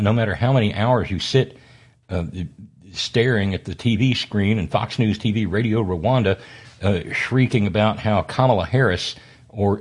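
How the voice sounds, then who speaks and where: A man's voice: fairly low pitch, a little mellow, slightly rough. A man delivering an impassioned, sarcastic political monologue as a talk show host, fiery and stumbling through frequent restarts.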